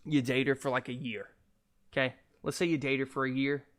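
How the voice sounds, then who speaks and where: A man's voice: mid-range voice, brisk. A young man hosting a solo podcast, ranting casually, with lots of swearing and jokes. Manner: profane, animated, jokey. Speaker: podcast host.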